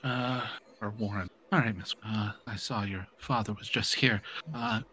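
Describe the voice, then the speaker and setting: A man's voice: lowish voice, fairly even intonation, moderate pace, bright, forceful tone, breathy edge. Man doing a fussy, hesitant program director. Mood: businesslike. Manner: bureaucratic, hesitant, filler-heavy. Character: fussy male program director, image-minded.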